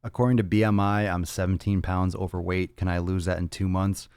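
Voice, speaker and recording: A man's voice: deep voice, level tone, fairly quick, darkish tone, clean tone, dry recording, studio quality. A man hosting a casual fitness podcast and answering viewer questions bluntly, with profanity and lots of repeated, rambling phrasing. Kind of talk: casual livestream Q&A.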